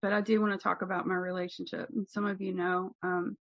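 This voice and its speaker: A woman's voice: medium pitch, level tone, quick pace. A woman from Kentucky talks candidly at a recovery meeting, poking fun at herself and restarting her sentences as she goes. The recording sounds dull and a little muffled, with a dry, close feel and no room echo. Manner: candid and self-mocking, with frequent restarts and laughs. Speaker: guest speaker at a recovery meeting. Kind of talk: personal share at a speaker meeting.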